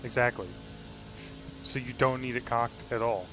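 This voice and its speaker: A man's voice: mid-range voice, normal speed. A man co-hosting a podcast in casual comedic chat, joking around and slipping into silly put-on voices. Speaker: podcast co-host.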